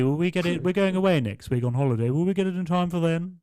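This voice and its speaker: Over crowd noise, a young man with a fairly high voice talks fast as a podcast co-host in a small studio. He swaps work stories in a casual chat, swearing a lot, staying animated and mocking customers with impressions.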